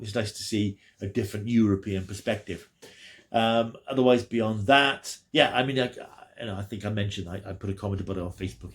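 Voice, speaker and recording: A man giving a chatty, rambling, enthusiastic spoken review as a video host. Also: lowish voice. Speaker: YouTube reviewer.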